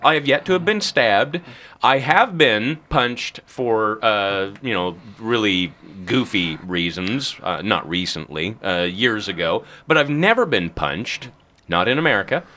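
A man's voice: fairly low pitch, lively intonation, measured pace, bright, forceful tone. A man hosting a Christian talk show, speaking emphatically with teasing, preacherly punchlines. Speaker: host.

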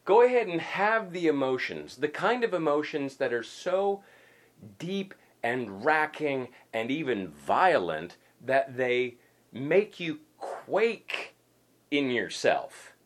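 A male pastor delivers a conversational sermon, his pitch rising and falling in a lively, animated way. He is emphatic and folksy, circling back to repeat his points between casual asides. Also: slow pace.

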